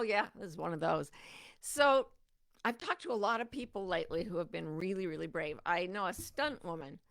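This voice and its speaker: Middle-aged female podcast host, mid pitch, some vocal fry, animated storyteller. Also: no echo, studio quality. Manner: animated, acts out her own inner voice. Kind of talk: reflective monologue.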